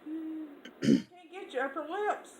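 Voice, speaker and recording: A woman in a played video clip, chatting slowly and teasingly while doing makeup on someone. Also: high voice, darkish tone, slight background noise, low-quality recording. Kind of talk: casual video chat.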